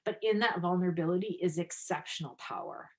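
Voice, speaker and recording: Earnest woman coach with a lowish voice. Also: a little fast. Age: adult, practicing five years. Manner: earnest, many fillers, lively when telling anecdotes. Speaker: guest breathwork coach. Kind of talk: podcast interview conversation.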